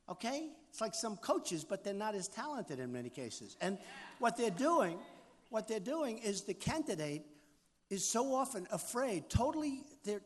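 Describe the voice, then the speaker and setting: A man's voice: high voice, fairly bright tone. Boastful older man at a rally. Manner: boastful, repetitive, riffing off the crowd. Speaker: political candidate. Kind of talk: campaign rally speech. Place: large rally venue. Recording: long hall reverb, faint crowd noise.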